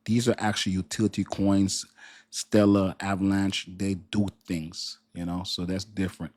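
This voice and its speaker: A man's voice: low voice, little pitch movement, moderate pace, a little mellow, no room sound, clean studio sound. A man from Haiti with a Haitian accent, hosting a casual crypto livestream and chatting with viewers in a rambling way, often repeating words.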